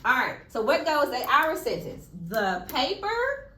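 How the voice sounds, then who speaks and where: A woman teacher with a fairly high voice leads a one-on-one classroom lesson. She asks patient questions and leans into words with playful emphasis. The sound is echoey, with a faint hum of the room behind her. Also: lively intonation, normal speed, sharp tone.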